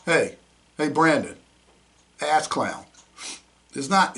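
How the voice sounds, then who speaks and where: A man's voice: high-pitched, very animated, a little slow, a bit bright. A man hosting a talk show, ranting with indignant, mocking commentary. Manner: indignant, mocking, name-calling rants. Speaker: podcast host. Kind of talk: heated commentary.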